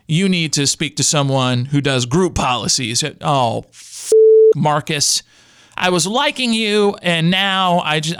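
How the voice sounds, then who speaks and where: A man in his thirties rants comically about his day. His voice is clear, smooth and sits fairly high. He jumps up in pitch as he gets worked up, and the recording is close and dry. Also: no room sound. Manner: animated ranting, jumps up in pitch when angry. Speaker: radio show host. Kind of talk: comedic rant monologue.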